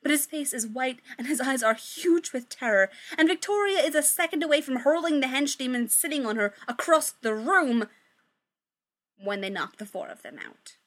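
A woman reads a story aloud, swearing casually and stopping for playful side remarks to her listeners. Her voice is bright and forceful and sits somewhat high for a woman. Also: animated, moderate pace. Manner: chatty, swears, breaks off for joking asides. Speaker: story reader. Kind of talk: reading fan fiction aloud.

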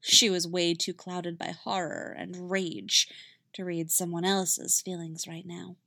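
A woman narrating a fan fiction story in a steady, even reading voice. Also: on the low side, slow pace, gravelly, dry recording, clean studio sound.

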